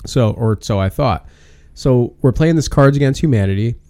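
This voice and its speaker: A man casually recounting a wild night to friends, rambling and animated, with plenty of filler words. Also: medium pitch, moderate pace. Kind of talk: casual storytelling chat.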